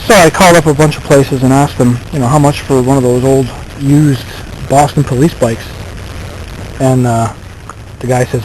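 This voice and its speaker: A man's voice: mid-range voice, lively intonation, normal speed, slight background noise, poor audio. A man in his thirties telling a rambling story from his own life in a casual vlog, with many fillers and self-deprecating remarks. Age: 30s. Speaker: vlogger.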